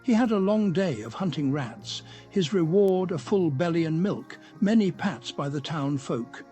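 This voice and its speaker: A calm voice narrating a storybook-style game intro in a measured way. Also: medium pitch, soft background music.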